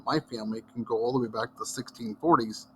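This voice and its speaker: Speaking fast with fairly even intonation, this mid-range male voice belongs to an Iowa history teacher in middle age. He delivers a relaxed classroom lesson as a folksy, digressive storyteller, with a little hiss or hum in the recording.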